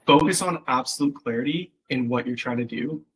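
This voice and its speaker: A man's voice: mid-range voice, fairly quick, a bit bright, husky, poor audio. A man working as a copywriting coach, giving a loose, chatty one-on-one critique full of fillers and acted-out examples. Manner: loose and chatty, many fillers, acts out quoted voices. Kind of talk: casual one-on-one copy critique.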